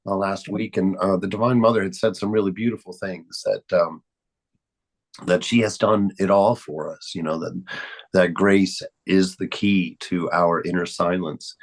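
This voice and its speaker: A man with a Southern accent and a raspy voice from a chest cold, leading a spiritual study talk in a halting, repetitive way. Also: low-pitched. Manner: halting, repeats words, chuckles often. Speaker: spiritual study group leader. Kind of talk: casual spiritual teaching talk.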